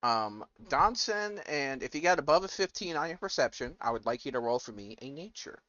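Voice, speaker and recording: A man's voice: medium pitch, expressive, brisk, bright, forceful tone, no room sound, lo-fi sound. A man narrating a tabletop game as game master in a playful way. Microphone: voice chat.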